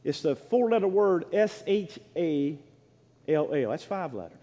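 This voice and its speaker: A man preaching a sermon as pastor, fervent and swelling into shouts, calling for responses from the congregation. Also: on the high side, lively intonation, unhurried. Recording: long reverb of a large hall.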